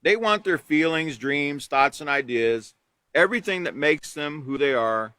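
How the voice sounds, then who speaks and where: A man's voice: on the high side, a little slow, clear, resonant tone, no echo. A man leading a live online training course for teachers, reading steps from a manual and explaining them with examples. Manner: reads from a manual, then explains with lively examples.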